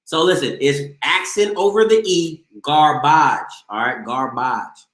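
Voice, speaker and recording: A man hosting a live call-in sports show who trash-talks with a playful, boastful swagger. His voice sits high and bright, and it swings widely in pitch. The echo of the room is clear around him. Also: big pitch swings, normal speed.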